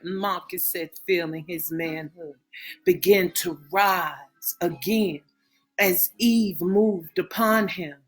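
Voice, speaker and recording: Brief: woman audiobook narrator, very slow and measured, faint music underneath. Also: fairly low pitch. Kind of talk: reading a romance novel aloud.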